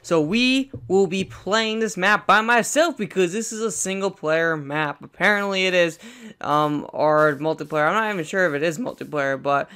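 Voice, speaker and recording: Excitable young man playing a horror game. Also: high-pitched, moderate pace, clean tone. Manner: excitable, yelps and shouts when scared, repeats words. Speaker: gaming channel host. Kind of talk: let's play commentary.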